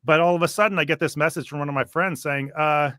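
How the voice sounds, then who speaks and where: A man hosting a casual reaction chat, talking in an animated, sarcastic way and laughing often. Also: a little high, fast, dry recording, clean studio sound. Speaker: host.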